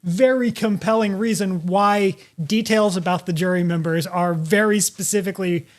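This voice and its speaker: A man with a noticeably high voice co-hosts a casual stream. He gropes for words, restarts his sentences and fills gaps with "like.". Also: steady tone, normal speed. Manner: hesitant, filler-heavy, lots of "like". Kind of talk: casual chat.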